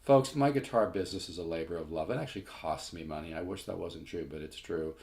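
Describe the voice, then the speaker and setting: Low gravelly older man talking guitar. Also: fast talker, a little mellow. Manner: folksy, plainspoken, repeats himself. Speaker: guitar teacher and seller. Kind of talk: casual guitar demo and sales pitch. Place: room while playing guitar. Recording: echoey room with guitar. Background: his own guitar playing.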